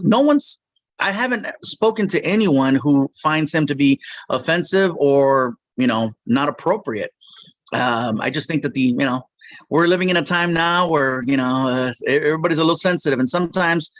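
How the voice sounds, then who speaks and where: A man who is a voice actor and comedian, chatting in an interview as an animated storyteller. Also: a little high, normal speed, dry recording. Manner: animated storyteller, acts out quotes. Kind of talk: casual interview chat.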